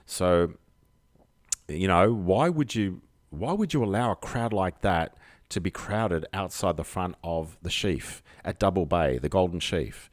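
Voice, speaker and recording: An Australian man hosting a late-night live stream, talking in a low voice that swings widely up and down. He rambles and cracks jokes. The sound is dry and close. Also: lively intonation, unhurried, dry recording. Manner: rambling, jokey, chatty asides. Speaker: host. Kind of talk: casual live-stream chat.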